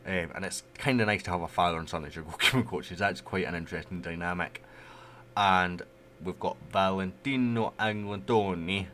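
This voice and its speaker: A man's voice: low voice, pushed and bright, slight background noise. A man giving casual, rambling commentary over a management game he plays. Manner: chatty, rambling, loose. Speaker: gaming YouTuber.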